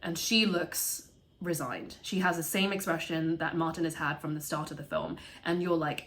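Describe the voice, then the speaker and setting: A woman with a slightly low voice, recapping a film in a loose, chatty way. She swears freely and slips into the characters' lines as she tells it. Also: steady tone, moderate pace, a bit bright. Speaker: video essayist.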